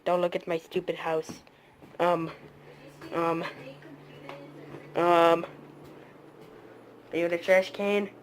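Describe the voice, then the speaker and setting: A creator narrating a comedy toy video in a casual, low, mumbling way with many hesitant fillers. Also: level tone, slow, pauses often, a little hiss or hum.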